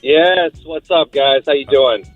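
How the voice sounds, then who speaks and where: A man's voice: on the high side, measured pace, faint music behind. A man calling into a radio show, easygoing and a little rambling. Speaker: caller. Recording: tinny phone line.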